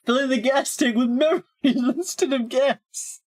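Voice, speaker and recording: A woman's voice: sits high, moderate pace. A woman co-hosting, reading absurd quiz questions aloud with frequent giggles. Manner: giggly, reads deadpan absurd lines. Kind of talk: casual chat, reading quizzes aloud.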